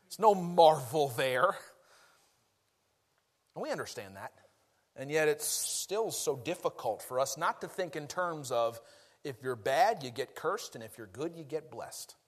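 A man gives a relaxed, folksy sermon in a slightly higher-than-usual voice. He talks plainly and pokes fun at himself, often breaking into a laugh. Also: a little slow. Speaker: preacher. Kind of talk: conversational sermon.

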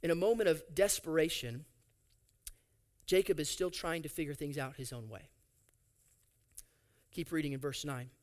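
A man preaching a sermon, reading scripture aloud and adding animated, sarcastic asides. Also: fairly high pitch, normal speed, pauses often. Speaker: pastor.

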